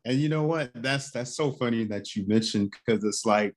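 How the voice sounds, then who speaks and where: A man from North Carolina hosting a podcast, relaxed and folksy in casual conversation. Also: mid-range voice, normal speed. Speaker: podcast host.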